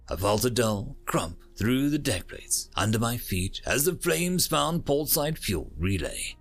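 Gravelly male storyteller, lively delivery. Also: medium pitch, measured pace, hardly any pauses. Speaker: narrator. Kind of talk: dramatic first-person story narration. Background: faint music.

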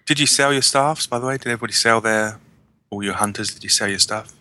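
A man's voice: fairly low pitch, quick pace, bright, forceful tone. A man co-hosting a gaming podcast, rambling and joking casually. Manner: rambling, joking, self-interrupting. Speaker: podcast co-host. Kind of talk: casual chat.

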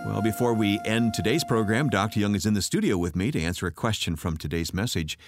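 A man's voice: fairly low pitch, fast talker, over music. A male radio announcer introducing a guest and closing the program in polished, scripted delivery.

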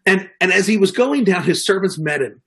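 A man's voice: sits high, animated, brisk, fairly bright tone, husky. A middle-aged man preaching a sermon in an earnest way, often repeating words and restarting. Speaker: pastor.

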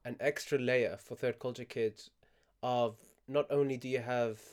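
A man in a casual chat, speaking in a measured way to sum up the point. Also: medium pitch, fairly even intonation, a little mellow.

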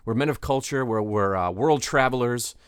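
A man's voice: mid-range voice, normal speed, clear, resonant tone, no echo, studio quality. A man co-hosting a podcast, telling things in a rambling, hesitant way with many fillers. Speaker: podcast co-host. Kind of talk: casual chat.

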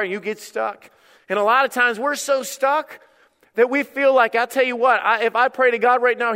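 A man preaching a sermon as pastor, acting out the inner voice of the people in his story and slowing down to read scripture aloud. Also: sits high, fairly bright tone, clear, resonant tone, in a large hall.

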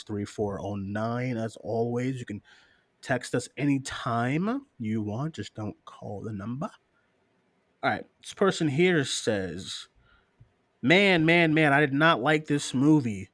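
A man with a mid-range voice co-hosts a casual live-stream show, recorded with no echo. He reads listener questions animatedly, laughing often, cursing freely, and doing mocking voices.

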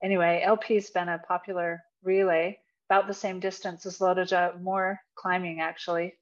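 A woman's voice: lowish voice, flat delivery, moderate pace, lo-fi sound. A woman guest on a podcast, modest and plainspoken as she tells a story. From Idaho, USA. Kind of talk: casual podcast chat.

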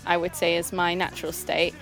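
A young woman from the south of England with a posh accent, chatting casually and cheerfully about her favourite songs, lively and quick to laugh. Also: lowish voice, creaky, soft background music. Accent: posh southern English. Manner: chirpy, lively, laughs often. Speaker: guest sharing favourite songs. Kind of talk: casual chat.

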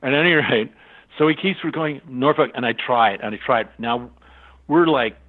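Older male voice actor from California, animated storyteller who slips into other people's voices; heard through a thin, phone-like line. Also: mid-range voice, normal speed. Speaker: voice actor guest. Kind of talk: anecdotal storytelling. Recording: tinny phone-line sound.

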